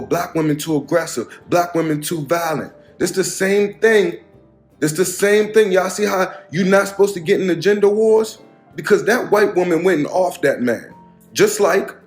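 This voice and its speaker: A man's voice: on the high side, roomy sound. A man giving a heated, emphatic commentary with a lot of repetition, speaking straight to his followers. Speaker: social media commentator. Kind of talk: ranting commentary video.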